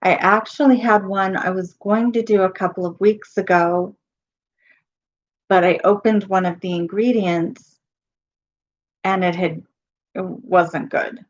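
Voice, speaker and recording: A middle-aged woman chatting casually on her live stream, losing her voice and pausing often with ums. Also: mid-range voice, steady tone, highs cut off. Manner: halting, with many pauses and ums.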